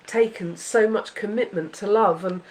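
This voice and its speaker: A woman's voice: mid-range voice, moderate pace, darkish tone, low-quality recording. A woman hosting a casual chat with her son, heartfelt and rambling, full of fillers and restarts. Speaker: podcast host, mother.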